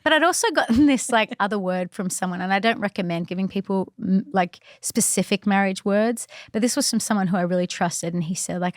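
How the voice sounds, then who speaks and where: A young adult woman, a podcast guest, telling a personal story in a casual, animated way with many fillers and restarts. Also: mid-range voice, brisk, few pauses, dry recording, studio quality.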